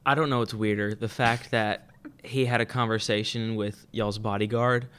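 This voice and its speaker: A man's voice: fairly low pitch, fairly even intonation, moderate pace, fairly bright tone, slight background noise. A man co-hosting a podcast, listening to a story and reacting with short remarks and laughter. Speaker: podcast co-host. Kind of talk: casual chat.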